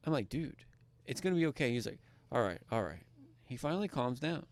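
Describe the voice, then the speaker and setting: A man with a Kentucky accent tells a story casually on a podcast. He acts out each person's lines and gets loud when the story heats up. The sound is dry and close. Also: mid-range voice, fairly quick, dry recording. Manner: animated, acts out dialogue, grows loud when excited. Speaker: podcast co-host.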